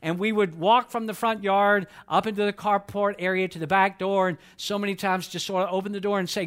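A middle-aged man from Georgia, preaching a sermon in an earnest storytelling way and slowing down when he quotes scripture. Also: high voice, a bit bright. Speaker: pastor.

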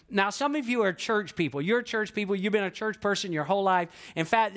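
A man's voice: high-pitched, a bit bright. A male pastor preaching a sermon in a conversational way, repeating phrases for emphasis and asking the congregation questions. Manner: sings snippets of old hymns.

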